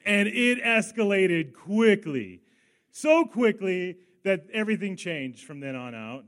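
A man in middle age preaches from the front, telling a long family story with lively asides and bursts of laughter. His voice sits fairly high for a man, and he keeps the sermon casual and chatty. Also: unhurried. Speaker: pastor.

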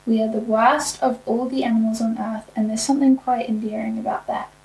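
A young woman co-hosting a casual podcast with a slightly high voice. She delivers blunt, cheeky opinions in a dry, deadpan manner. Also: brisk, vocal fry, low-quality recording. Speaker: podcast co-host.

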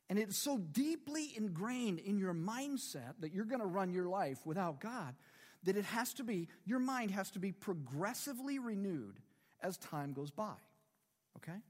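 A man's voice: sits high, big-room sound. A man in his fifties preaching a sermon in a conversational way, with rhetorical questions and humor. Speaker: pastor.

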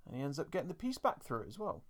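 A man's voice: on the high side, huge pitch swings, very fast. A man co-hosting a podcast, chatting casually with lots of fillers about an episode. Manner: chatty, many fillers, acts out quoted lines. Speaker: podcast co-host. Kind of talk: casual episode review chat.

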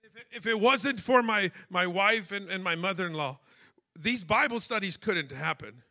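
A man preaching a sermon, emotional and personal, building to shouted fervor. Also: high voice, normal speed.

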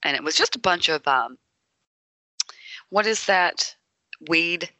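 A woman's voice: on the low side, lively intonation, slow, pushed and bright, no room sound. A woman in her thirties co-hosting a casual chat, playful and teasing, laughing often.

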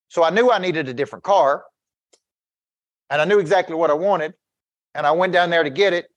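Intense man coaching a crowd. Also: fairly high pitch. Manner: intense, keeps checking in with listeners. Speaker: business coach. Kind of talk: motivational talk to an audience.

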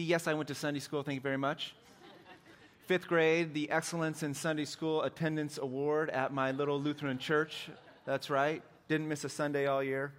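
A man's voice: a little high, normal speed, fairly bright tone. A middle-aged man preaching a sermon in a church, joking and conversational, poking fun at himself. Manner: joking, conversational, self-deprecating. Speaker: pastor.

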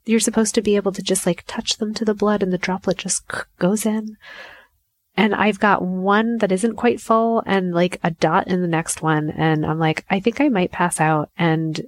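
A woman in her thirties casually telling a personal story, animated and self-mocking, acting out her own inner voice. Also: mid-range voice, normal speed, no echo.

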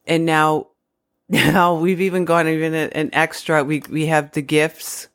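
A woman's voice: low voice, little pitch movement, a little slow, a bit bright. A woman co-hosting a podcast, who chats in an upbeat and self-deprecating way. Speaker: podcast co-host. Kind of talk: casual podcast chat.

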